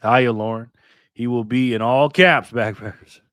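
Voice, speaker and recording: An older man runs a casual live stream, calling out viewers by name in bursts of loud cheer. In between he drops to low mutters while he works his phone, and his mid-pitched voice sits dry and close to the mic. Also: a little slow, smooth, no room sound.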